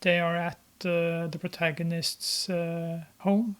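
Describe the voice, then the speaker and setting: Slow, flat-voiced, hesitant film commentator. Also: mid-range voice. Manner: hesitant, many filler pauses. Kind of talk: casual running commentary while watching a film.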